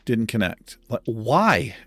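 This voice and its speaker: A man's voice: mid-range voice, very animated, slow pace, creaky, a bit bright, no room sound. A man hosting a gaming channel, thinking aloud and muttering in casual let's-play commentary, mildly exasperated.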